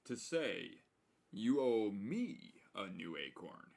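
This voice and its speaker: Livestream co-host, man, low-pitched, dry and deadpan. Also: slow, creaky. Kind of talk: casual livestream chat.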